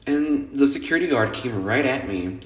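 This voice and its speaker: A man hosting a podcast, telling nightlife stories in a lively, casual monologue that is full of swearing, and acting out what other people said. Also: mid-range voice, moderate pace. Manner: animated, swears freely, acts out quoted people. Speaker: podcast host. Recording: roomy echo.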